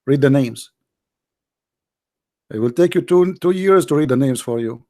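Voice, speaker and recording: A man's voice: medium pitch, animated, measured pace, warm tone. A man hosting a live call-in debate show, mocking and stammering often as he talks.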